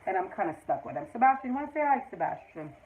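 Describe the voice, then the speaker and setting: A woman's voice: mid-range voice, very animated, rapid-fire, narrow, tinny audio, heavy background noise. A middle-aged woman hosting a casual livestream, earnestly giving relationship advice straight to her viewers. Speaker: livestream host.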